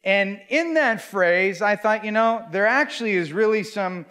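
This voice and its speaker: Animated, high-voiced middle-aged male pastor. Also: a little slow. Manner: animated storyteller, acts out quoted voices, self-mocking. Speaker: pastor speaking to youth leaders. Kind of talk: humorous conference talk. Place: large conference hall.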